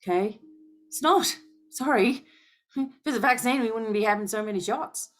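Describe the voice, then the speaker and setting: A woman's voice: fairly high pitch, fairly quick. A woman speaking as a spiritual healer in a passionate, emphatic monologue to her followers, driving her points home with rhetorical questions and a repeated "okay?".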